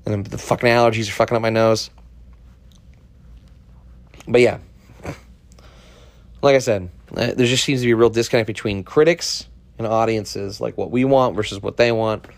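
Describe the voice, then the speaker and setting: A man's voice: lowish voice, steady tone, moderate pace, vocal fry, long pauses, no echo. A man hosting a solo podcast, ranting in an irritated, profane way. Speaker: podcast host.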